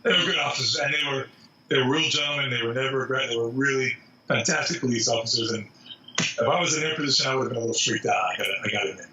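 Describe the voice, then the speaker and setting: A bright, forceful man tells an anecdote with lively energy and voices the quoted lines as he goes. He sounds distant and roomy, and the audio is a little dull with a faint hiss. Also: mid-range voice, rapid-fire. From New York. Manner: animated anecdote-teller who acts out quotes. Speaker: zoo spokesman, guest. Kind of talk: storytelling in a podcast interview.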